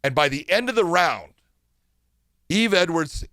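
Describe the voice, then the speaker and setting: A man's voice: on the high side, unhurried, no echo. A man co-hosting a chat show, telling a story and acting out the dialogue as he goes. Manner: animated storyteller, acts out quoted dialogue. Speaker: co-host, former referee.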